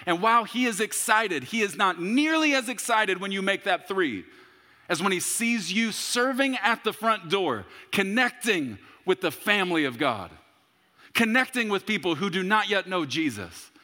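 Lively, bright-voiced male pastor in a hall. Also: high-pitched, normal speed. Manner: storytelling with humor and sudden loud shouts. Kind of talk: sermon.

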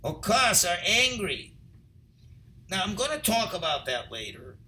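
A man teaching a Torah text class, reading Hebrew phrases and translating them, at times rising to loud emphasis. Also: sits high, very animated, a little slow, poor audio.

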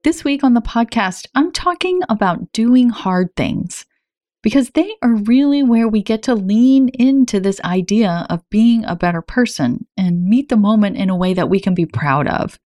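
A woman in her forties hosts a self-help podcast, talking to the listener in a warm, encouraging, conversational way. Her voice sits in a middle register and is recorded close on a studio mic with a dry sound and no room around it. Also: medium pitch, no echo. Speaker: podcast host.

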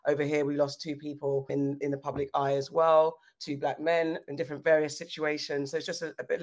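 Low-voiced woman, frank and exasperated. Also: a bit bright. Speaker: podcast host. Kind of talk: casual chat.

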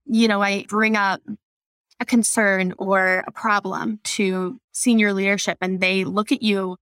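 A woman speaks earnestly as a guest in a casual podcast chat. At times she talks in quick bursts. Her voice is mid-pitched and dry. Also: little pitch movement, fairly bright tone, smooth, no room sound.

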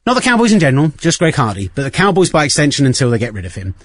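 A man hosting a casual sports podcast, talking in an animated, ranting way. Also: on the high side, racing, dry recording, clean studio sound. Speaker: podcast host.

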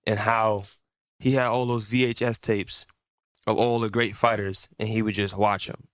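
A man co-hosting a boxing talk show, speaking in a measured way. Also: lowish voice, little pitch movement, a bit bright, no echo, clean studio sound. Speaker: podcast co-host, boxer. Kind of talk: casual chat.

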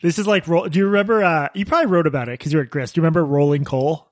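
A man co-hosting a podcast in casual chat, joking and sarcastic with quick asides. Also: on the high side, dry recording, studio quality. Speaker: podcast co-host.

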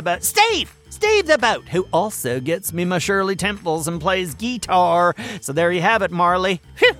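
A man voicing a boastful, excitable furry male cartoon hero who hosts a scripted children's radio show and talks in a bouncy, self-important way. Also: high-pitched, exaggerated voice.

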